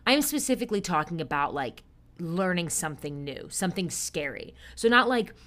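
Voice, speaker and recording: A woman's voice: fairly low pitch, sing-song, moderate pace, fairly bright tone. A young woman hosting a casual solo podcast, chatty and upbeat, who loses her train of thought and pokes fun at herself. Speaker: podcast host and stage performer.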